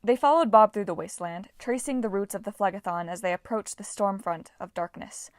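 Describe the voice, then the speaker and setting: A woman's voice: mid-range voice, a little fast, no room sound. Woman narrating an audiobook, dry sound.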